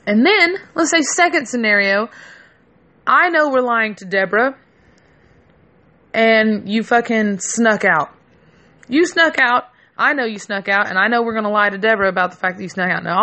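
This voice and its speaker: Brash, foul-mouthed young woman storytelling. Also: medium pitch. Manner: brash, profane, animated. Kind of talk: casual storytelling chat.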